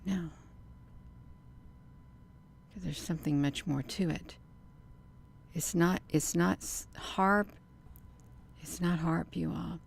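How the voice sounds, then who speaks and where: Woman hosting a casual livestream; low, gravelly voice; excited. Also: slight background noise. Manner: excited, talks to viewers as "you all". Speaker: video creator.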